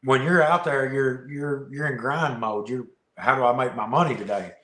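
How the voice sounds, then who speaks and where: A man guesting on a podcast, telling a fishing story in a casual, animated way, often laughing and repeating words. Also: mid-range voice, moderate pace. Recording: roomy echo.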